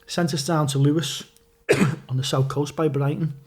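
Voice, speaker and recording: A man's voice: on the high side, fairly even intonation, moderate pace. A man with a Scouse accent, a podcast guest telling rambling anecdotes with lots of swearing and restarts. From Liverpool. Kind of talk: casual storytelling.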